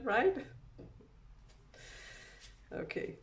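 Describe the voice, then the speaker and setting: A woman giving a casual spiritual card reading, meandering along with frequent soft laughs. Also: mid-range voice, takes it slowly. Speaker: oracle card reader.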